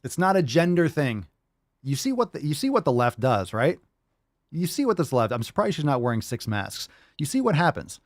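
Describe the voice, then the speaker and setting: A man's voice: a little high, big pitch swings, normal speed, no echo, clean studio sound. A man hosting a podcast, ranting and mocking a clip in a brash, profane way. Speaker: podcast host. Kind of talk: ranting reaction commentary.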